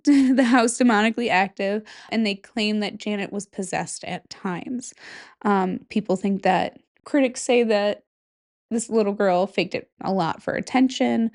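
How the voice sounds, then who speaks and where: Young woman podcaster rambling and swearing, loud reactions, casual solo chat. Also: mid-range voice. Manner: chatty, swears a lot, reacts animatedly. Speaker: podcast host.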